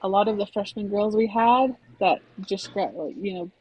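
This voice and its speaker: A woman basketball coach talking in a soft-spoken, reserved way about her team in a casual conversation. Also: mid-range voice, moderate pace, breathy edge, muffled recording.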